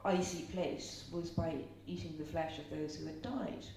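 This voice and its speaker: With a slightly low, darkish voice touched by vocal fry, a middle-aged woman from Ireland keeps a steady tone and normal speed at a live seminar. She's a chatty storyteller who asks the audience questions, heard from a distance in a very echoey space over a faint hum.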